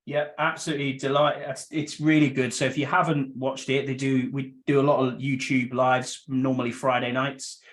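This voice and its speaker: A man's voice: medium pitch, level tone, normal speed, few pauses, fairly bright tone. A man from England hosting a podcast, greeting and chatting in an upbeat, friendly way. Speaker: podcast host. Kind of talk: casual podcast chat.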